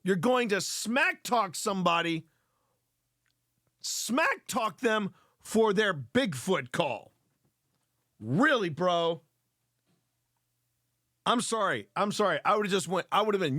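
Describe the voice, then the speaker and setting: A man hosting a live show, reacting to clips in excitable, rambling commentary full of repeated words and swearing. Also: sits high, slow, pauses often.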